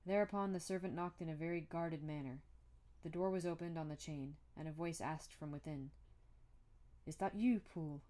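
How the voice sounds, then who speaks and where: A woman's voice: low voice, fairly even intonation, brisk, darkish tone. A woman reading a classic novel aloud in a plain amateur style, now and then restarting a word. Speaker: audiobook reader.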